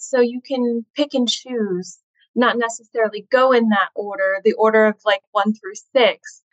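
A woman's voice: medium pitch, dull audio. A woman hosting, affirming and summing up the guest's point.

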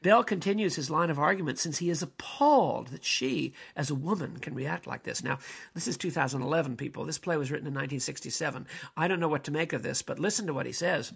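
Raspy priest man lecturing on a play, lots of uh and restarts, wanders off topic. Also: fairly high pitch, fairly bright tone. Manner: halting, with many fillers and restarts, digressive.

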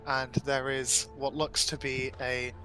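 A man's voice: mid-range voice, level tone, takes it slowly, sharp tone. A man narrating a tabletop game as game master in a loose, descriptive way, with frequent ums. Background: faint music.

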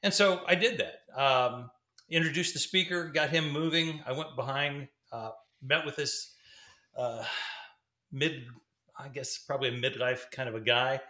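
A man's voice: medium pitch, unhurried, sharp tone. A middle-aged man, a former pastor, telling a story casually, rambling with fillers and restarts. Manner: rambling, fillers and restarts, laughs between sentences. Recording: roomy echo.

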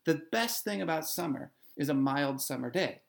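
A man explaining a poem in a playful, animated way in conversation, then reading verse slowly. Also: on the high side, vocal fry. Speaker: literature scholar. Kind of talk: conversational discussion and poetry reading.

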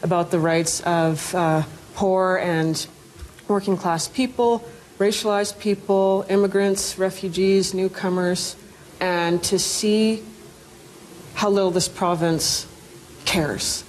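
A woman giving an angry, emphatic speech, slow and deliberate in her pacing. Her voice sits a little low for a woman. Faint background noise runs under the recording. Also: steady tone, a little mellow, poor audio. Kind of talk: impassioned speech in a news video clip.

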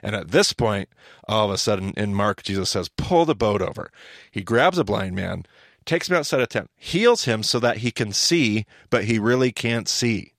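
A man's voice: lowish voice, normal speed, no room sound, studio quality. A man hosting a podcast, teaching in casual chat and acting out the lines he quotes. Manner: animated storyteller, acts out quoted lines.

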